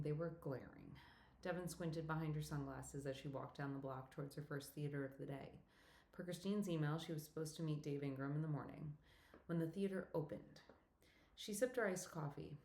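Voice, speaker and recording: A woman reading a romantic comedy novel aloud as audiobook narrator, in a steady, even storytelling manner. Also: low voice. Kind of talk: scripted narration. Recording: roomy echo.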